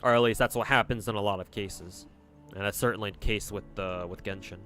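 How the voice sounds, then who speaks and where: A man with a somewhat low voice talks through a game stream in a loose, rambling way, answering chat bluntly and swearing without a second thought. Faint game music sits quietly underneath his voice. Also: fairly even intonation, brisk. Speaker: livestreamer. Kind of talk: casual commentary while playing and reading chat.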